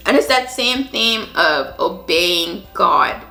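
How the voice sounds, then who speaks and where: A woman's voice: mid-range voice, animated, slow, gravelly, pushed and bright. A woman hosting a Christian podcast, reading scripture and reflecting on it in an earnest way with frequent restarts. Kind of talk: Bible reading with personal commentary. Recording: echoey room with faint music.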